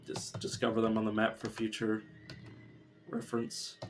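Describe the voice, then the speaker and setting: A man's voice: on the low side, completely flat delivery, moderate pace, soft background music. A man streaming a game live, talking casually and thinking aloud as he plays. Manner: muttering and thinking aloud while playing. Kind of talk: casual live gameplay commentary.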